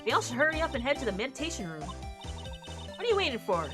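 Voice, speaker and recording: Brief: a woman putting on an eager Southern-accented girl photographer, loud and bouncy, game music under her. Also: sits high, big pitch swings, racing, voice pushed up. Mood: hurrying. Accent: American Southern. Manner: loud, eager, folksy drawl. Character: brash young female paranormal photographer.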